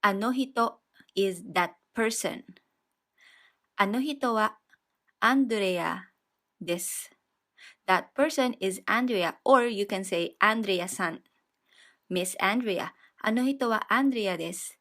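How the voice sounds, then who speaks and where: A woman teaches a beginners' language lesson at an unhurried, deliberate pace. Her voice sits at a middle pitch, and she repeats each example patiently. She explains every step clearly before moving on. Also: fairly bright tone. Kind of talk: slow, step-by-step grammar lesson.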